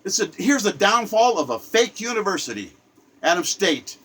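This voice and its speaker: A man's voice: sits high, very animated, moderate pace, bright, forceful tone, slightly rough, poor audio. An older man delivering an impassioned spoken rant, indignant and repetitive, often stammering and restarting his sentences. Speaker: self-styled poet giving a spoken commentary.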